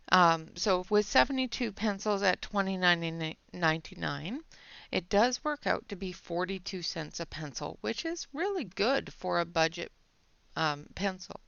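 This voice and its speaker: A woman's voice: on the low side, creaky, a bit bright, clear, resonant tone, no echo. A woman hosting a colouring channel, chatting step by step through a pencil demo, a little out of breath. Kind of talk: casual product demo while colouring. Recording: dull lo-fi audio.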